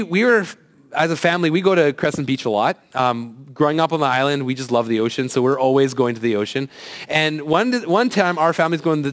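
A man in his thirties giving a casual, conversational sermon as a youth pastor, joking at his own expense and acting out quoted voices. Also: a little high. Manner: conversational, self-deprecating, acts out quoted voices.

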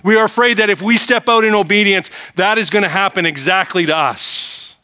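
A middle-aged male pastor delivering a sermon in a bright, slightly high voice. He presses his points with emphasis and poses rhetorical questions, often sinking to a near hush to let a line land. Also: a little fast.

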